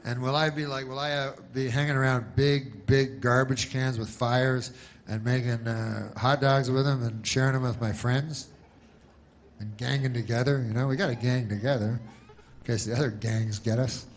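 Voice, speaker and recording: A man doing a stand-up comedy set, deadpan and rambling, with many asides and put-on voices. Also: mid-range voice, normal speed, a little hiss or hum. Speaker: stand-up comic.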